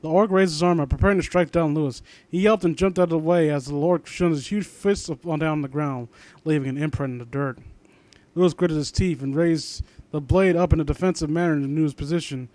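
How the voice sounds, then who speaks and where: Male host, profane sarcastic reader, fairly high voice, dry close sound. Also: a little mellow, no room sound. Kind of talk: mocking comedic reading of fan fiction.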